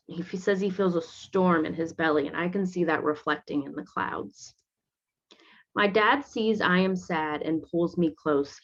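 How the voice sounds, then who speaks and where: A woman teacher reading a picture book aloud to children, stopping gently to explain the pictures. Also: lowish voice. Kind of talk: read-aloud with commentary for children. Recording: dull lo-fi recording.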